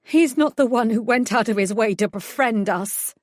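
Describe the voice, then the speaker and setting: A grieving mother gone furious, as a woman puts her on in an audiobook, her voice pushed high and loud. The accusations come raw and shrill, close and dry. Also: normal speed, no room sound, natural voice. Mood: accusing. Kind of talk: audiobook character voice.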